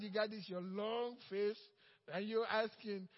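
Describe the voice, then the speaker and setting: A high-voiced man preaches in a church, his words ringing with a long hall reverb. He acts out coworkers and swings between bold, loud declarations and quiet, hushed asides. The sound is muffled and slightly lo-fi. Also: normal speed. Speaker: pastor. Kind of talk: sermon. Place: church sanctuary.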